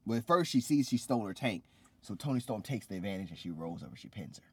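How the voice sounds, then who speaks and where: A man co-hosting a casual podcast, recapping wrestling in a loose, animated way and acting out quotes. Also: on the low side, fast talker, husky. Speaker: podcast co-host.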